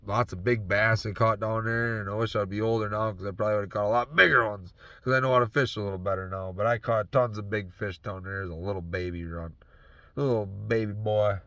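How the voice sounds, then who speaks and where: A man's voice: fairly low pitch, fairly even intonation, fairly quick, fairly bright tone, dry recording. A man in his truck talking in a loose, rambling monologue, swearing heavily and slipping into a half-faked Southern drawl. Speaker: vlogger.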